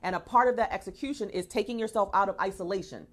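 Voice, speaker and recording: A woman's voice: medium pitch, fast talker. A woman hosting a motivational talk show. She talks in an emphatic, preachy way, and hypes up her audience.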